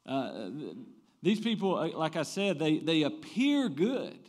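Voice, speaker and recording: A man, preaching a sermon. He swings between loud emphatic bursts and quiet low asides, and often restarts his phrases. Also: huge pitch swings, a little slow. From American South. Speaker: pastor.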